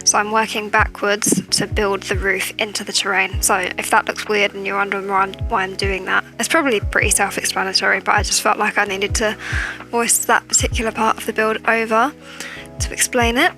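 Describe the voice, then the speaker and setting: A woman's voice: medium pitch, little pitch movement, brisk, soft background music. A woman with a chatty manner, keeping her voice down as she records a casual voiceover on a cheap, tinny microphone at home late at night. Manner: talking quietly, chatty. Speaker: gaming video creator.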